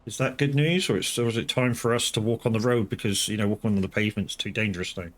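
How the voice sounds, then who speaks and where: Lowish guy chatting while he plays, rambles, restarts, swears. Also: fast. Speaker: live streamer. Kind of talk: casual gameplay commentary.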